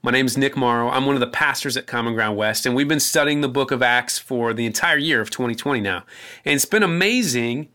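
A young male pastor with a bright, forward voice gives a sermon in a relaxed, conversational way. He tells a story with small restarts before he reads scripture aloud at an even, middle pitch. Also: a little fast.

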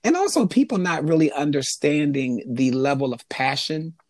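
A man speaking as an interview guest, answering thoughtfully and pausing often to find his words. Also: fairly high pitch, big pitch swings, dry recording. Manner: thoughtful, halting with frequent ums. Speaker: interview guest, jewelry maker. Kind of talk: conversational interview.

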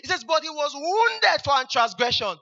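A man's voice: very high voice, sing-song, normal speed, bright, forceful tone, highs cut off, soft background music. A man preaching a fervent sermon, repeating hallelujah between Bible verses.

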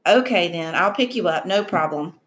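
An anxious mother frets and apologizes, fussing over her children's safety, as a woman reads her aloud. The voice is slightly low and plain. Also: expressive, normal speed, fairly bright tone.

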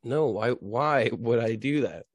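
A man's voice: mid-range voice, lively intonation, measured pace, no room sound. Amused, teasing man in dry audio. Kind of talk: casual chat.

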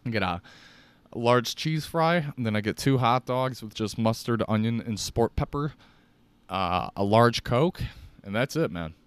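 A young man with a deep voice and a Chicago accent, hosting a solo podcast and rambling casually with lots of swearing. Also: lively intonation, unhurried, clean tone, no room sound. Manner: profane, rambling, jokey. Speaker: podcast host.

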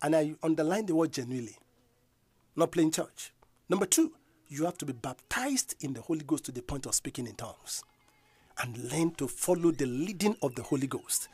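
Husky preacher man, fiery sermon. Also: fairly high pitch, animated, moderate pace, dry recording. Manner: emphatic, repeats declarations, rises to loud proclamations.

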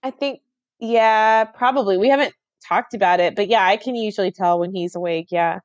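A woman's voice: medium pitch, moderate pace, no room sound, dull audio. A woman in her thirties co-hosting a podcast, talking casually and reflectively with frequent laughs. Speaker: podcast co-host. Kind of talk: casual chat.

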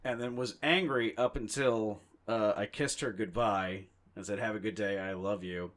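A man's voice: on the low side, steady tone, normal speed, fairly bright tone. A young man co-hosting a podcast in casual chat, telling rambling, profane, self-mocking stories. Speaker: podcast co-host.

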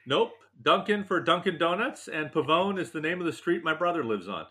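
A male writer being interviewed, telling animated, self-deprecating stories with jokes. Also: a little high, fairly quick. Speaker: novelist and TV writer, guest. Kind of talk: interview, anecdotal storytelling.

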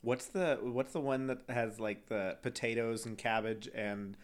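A man's voice: mid-range voice, steady tone, a little slow. Podcast co-host, man, casual and rambling, laughs a lot. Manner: giggly, rambling, many fillers and laughs. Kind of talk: casual chat.

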